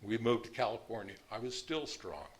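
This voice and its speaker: A man's voice: fairly low pitch, lively intonation, moderate pace. A man in his sixties telling his own story in a blunt, plain-spoken way, now and then laughing at his past. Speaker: speaker sharing his recovery story. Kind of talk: personal storytelling.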